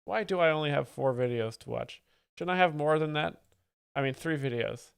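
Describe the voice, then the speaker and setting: A man hosting a live stream, giving mock-expert commentary and reading chat in a deadpan, easily distracted way. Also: on the high side, normal speed, gravelly, clear, resonant tone, no room sound, clean studio sound. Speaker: livestream host. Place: home setup with several screens.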